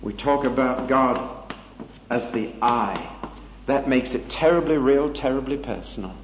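An older man preaching an expository Bible sermon, deliberate and emphatic, slowing down to stress key phrases. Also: mid-range voice, a little hiss or hum. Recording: dull lo-fi recording in a reverberant hall.

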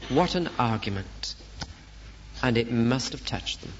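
Guy preaching a sermon real slow, earnest and pleading, kinda dull old tape sound. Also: mid-range voice, lively intonation, slight background noise. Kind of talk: expository sermon.

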